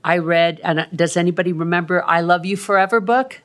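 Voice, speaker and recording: A woman's voice: lowish voice, fairly even intonation, fairly quick, fairly bright tone. A woman in her sixties on the city council, giving a rambling, chatty report full of ums at a council meeting. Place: council chamber.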